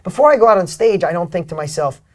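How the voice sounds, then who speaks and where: Talking at a quick pace in a high voice, a middle-aged guest author and speaker offers energetic motivation during an interview. He's emphatic throughout, moving back and forth between booming bursts and soft asides.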